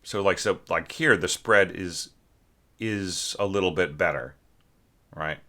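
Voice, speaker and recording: Deep, rambling man critiquing a score. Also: a little slow, sharp tone. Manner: rambling, full of fillers, sings musical figures. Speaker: orchestration teacher. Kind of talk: spoken critique of a student score.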